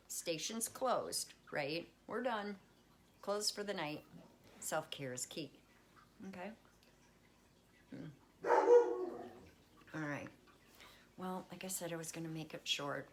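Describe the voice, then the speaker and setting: Low-voiced woman giving a chatty wellness talk. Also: a little hiss or hum. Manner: chatty, reassuring, talks baby talk to her cat. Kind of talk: casual livestream talk. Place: at home with pets.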